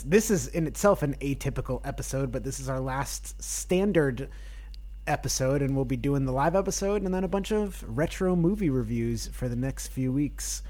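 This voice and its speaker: A man co-hosting a podcast in casual chat, upbeat and quick to laugh. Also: mid-range voice, a little mellow. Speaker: podcast co-host.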